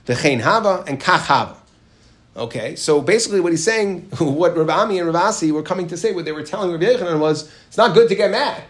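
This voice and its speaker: Animated man teaching a Talmud lesson. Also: fast talker. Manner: reads Aramaic text then explains in English, animated rises in pitch. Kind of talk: Gemara lesson, reading and explaining.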